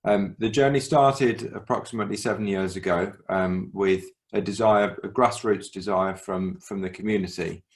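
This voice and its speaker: A man co-chairing an online community workshop on a video call, speaking haltingly with many pauses and restarts. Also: sits low, steady tone.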